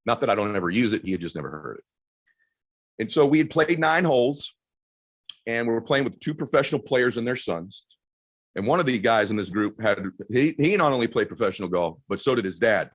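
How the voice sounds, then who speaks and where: Intense husky-voiced motivational speaker, man. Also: fairly low pitch, no room sound, low-quality recording. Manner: intense, emphatic, a little profane. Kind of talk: motivational storytelling to a live audience.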